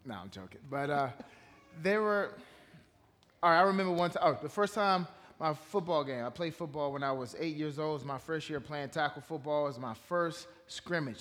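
A man from Washington, D.C., a former pro football player, tells stories in a relaxed, joking way and speaks sincerely about his faith in front of a church audience. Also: fairly high pitch. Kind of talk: relaxed storytelling interview. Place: church stage before a congregation. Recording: long reverb of a large church hall.

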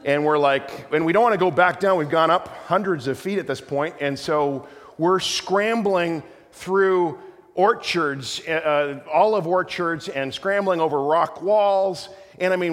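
A middle-aged man pastor telling a rambling, animated story in a sermon, with many restarts. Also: fairly high pitch, moderate pace. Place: church sanctuary. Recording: long hall reverb.

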